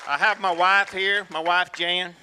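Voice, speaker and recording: A middle-aged man with a Louisiana accent, an auctioneering student calling bids in a rapid, repetitive auction chant at a sale in an auction hall. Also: sits high, level tone, a crowd in the background, background noise.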